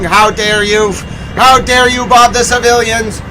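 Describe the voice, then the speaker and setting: A man's voice: high voice, level tone, moderate pace, background noise. A man hosting a live news recap stream, urgently repeating breaking updates and exclaiming in alarm.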